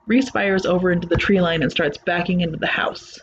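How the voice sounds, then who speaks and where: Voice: mid-range voice, steady tone, brisk, dull audio, a little hiss or hum. A narrator reading a first-person horror story aloud in a plain, conversational retelling.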